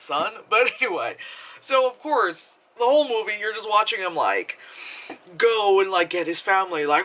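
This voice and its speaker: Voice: mid-range voice, big pitch swings, normal speed, sharp tone. A movie reviewer talking into a camera in a casual, rambling vlog review, swearing freely and laughing often. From United States.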